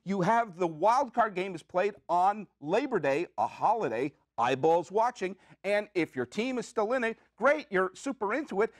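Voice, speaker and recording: A man hosting his own podcast, talking in an excitable, jokey, rambling way with quick asides from a community media studio. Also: high-pitched, no echo. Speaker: podcast host. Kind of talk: comic solo podcast monologue.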